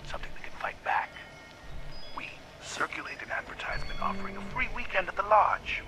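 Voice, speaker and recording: An actor playing a scheming wealthy man in a video game, talking in a hushed, conspiratorial way with slow, sly persuasion. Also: sits high, lively intonation, music in the background. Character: scheming wealthy man plotting to hunt humans. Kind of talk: video game dialogue recording.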